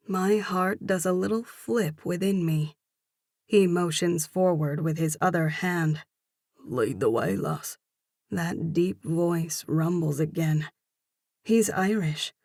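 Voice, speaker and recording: Woman narrator, low and gravelly, steady first-person romance reading. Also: no room sound, clean studio sound. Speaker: audiobook narrator.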